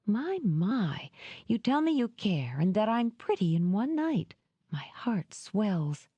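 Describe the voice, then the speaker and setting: A woman's voice: lowish voice, sing-song, moderate pace, mellow, no echo, lo-fi sound. A woman voicing a playful, theatrical young woman who teases and fakes tears. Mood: teasing. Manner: teasing, theatrical, tearful act.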